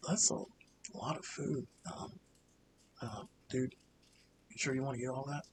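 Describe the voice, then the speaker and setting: A man voicing a wary young male friend who speaks quietly and hesitantly. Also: fairly high pitch, lively intonation, takes it slowly, background noise. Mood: uneasy.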